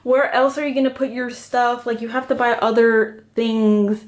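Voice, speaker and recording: This young woman's voice is on the high side, with a flat delivery at normal speed. She walks through her small rented house room by room, giving a casual, giggly vlog tour peppered with "like," a bit breathless as she moves.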